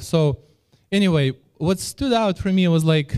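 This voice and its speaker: A man preaches a sermon in a warm, mellow voice that sits a little high for a man. He speaks earnestly and often stumbles over and repeats his words as he restarts a phrase. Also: moderate pace, clear, resonant tone. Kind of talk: sermon with a personal story.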